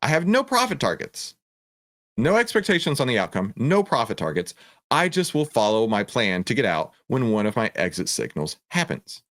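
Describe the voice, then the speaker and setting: A man's voice: mid-range voice, huge pitch swings, moderate pace, fairly bright tone, dry recording, clean studio sound. A middle-aged man hosting a trading lesson, talking through a stock chart in an emphatic, preachy way with rhetorical questions and repeated phrases. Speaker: trading educator and host. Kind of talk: energetic stock-chart walkthrough.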